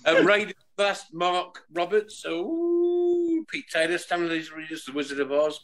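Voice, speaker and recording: A man's voice: a little high, moderate pace, fairly bright tone. A man from England with a Midlands accent, hosting a football podcast with a jokey, announcer-like way of talking. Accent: English Midlands. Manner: jokey, announcer-like, laughs a lot. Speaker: podcast host. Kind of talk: casual chat.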